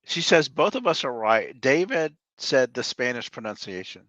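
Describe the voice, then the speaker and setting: A man's voice: medium pitch, big pitch swings, moderate pace, fairly bright tone, dry recording, dull audio. A man with a Southern US accent, co-hosting a live sale and calling out bids in short, matter-of-fact updates.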